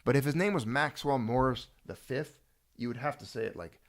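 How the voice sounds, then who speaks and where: A man hosting a casual video chat, talking straight to viewers in a jokey, animated way. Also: mid-range voice, a little fast. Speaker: host.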